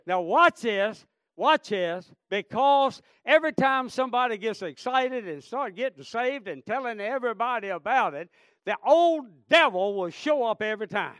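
High-voiced fervent male preacher. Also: expressive, normal speed, a bit bright, no room sound, studio quality. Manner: fervent, repetitive, calls out "Amen?" and "friend". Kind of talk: sermon.

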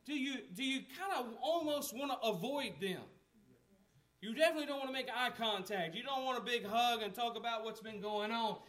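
A man's voice: extremely high pitch, fairly quick, a bit bright. A man preaching a sermon as a pastor, talking conversationally, asking the congregation questions and acting out the lines of the people in the story.

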